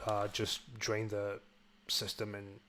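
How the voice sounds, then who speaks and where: A young man from the UK hosting a podcast in casual chat, talking in quick bursts with many restarts. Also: on the low side, monotone, pushed and bright, a little hiss or hum. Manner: chatty, stumbling restarts, laughs easily. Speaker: podcast host.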